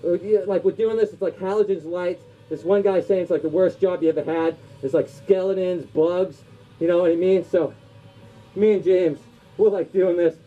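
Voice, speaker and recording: A man's voice: high voice, fairly even intonation, normal speed, warm tone. A man, a comedian, telling loose, rambling anecdotes in a casual voice full of filler words. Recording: dull lo-fi recording.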